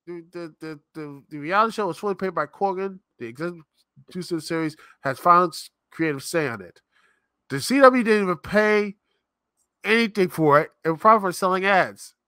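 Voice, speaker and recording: A man's voice: high voice, animated, a little fast, pushed and bright, clean tone, no echo, clean studio sound. A man hosting a live-stream show, ranting in an exasperated, rambling, sarcastic way. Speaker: podcast host. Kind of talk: live-stream commentary rant.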